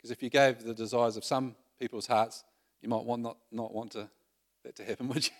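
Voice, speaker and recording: A man's voice: mid-range voice, level tone, brisk. A man preaching a sermon in a conversational way, often asking the congregation questions.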